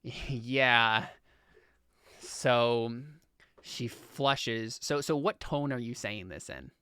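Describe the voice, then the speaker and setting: A young man guides his players through a tabletop game, piling up "like"s and self-corrections as he explains the world's lore. His voice is smooth and resonant. The recording is dry and close, with no room sound. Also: medium pitch, animated, drawn-out words, pushed and bright, dry recording. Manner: rambling, full of "like" and "um" restarts. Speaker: game master.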